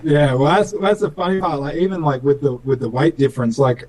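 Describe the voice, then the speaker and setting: A man's voice: on the high side, a little fast, darkish tone, rough recording. A young Australian man, a speedcar driver, chatting in an interview with many fillers and restarts, acting out little dialogues. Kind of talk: casual interview chat.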